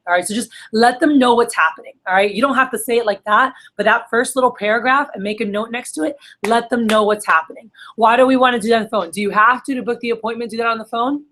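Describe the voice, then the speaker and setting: A woman's voice: fairly high pitch, fast talker, hardly any pauses, a bit bright. Upbeat woman coaching a sales team. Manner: casual, upbeat, full of fillers like "you know" and "da, da, da". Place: room with a team of trainees.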